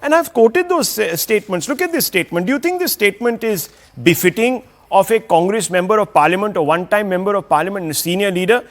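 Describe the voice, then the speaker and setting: Male debate anchor, high voice, insistent, cuts in often. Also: animated, quick pace, few pauses. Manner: pressing, interrupting, rhetorical questions. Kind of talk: televised debate moderation.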